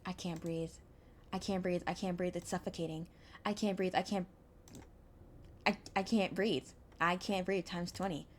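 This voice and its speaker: A woman's voice: fairly low pitch, normal speed, a little hiss or hum. Young woman reading a visual novel aloud. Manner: expressive, anxious narration with stumbles. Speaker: streamer.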